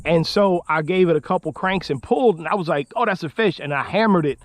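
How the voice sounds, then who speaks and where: A man vlogging from a kayak outdoors, exclaiming and rambling with excitement, his voice going hoarse. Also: a little high, fast. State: losing his voice. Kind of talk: excited outdoor fishing vlog. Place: on a kayak outdoors on the water in wind. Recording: noisy outdoor recording with wind and water.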